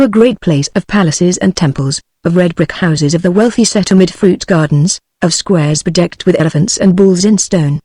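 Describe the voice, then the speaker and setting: A synthetic woman's voice with a British English accent, reading an audiobook in an even, measured way. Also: lowish voice, dry recording. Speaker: narrator.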